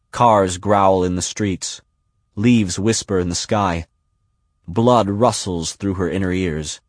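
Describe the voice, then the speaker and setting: A man reading scripted literary narration in a measured, unhurried, deliberate way. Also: low-pitched, dry recording, studio quality. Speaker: audiobook narrator.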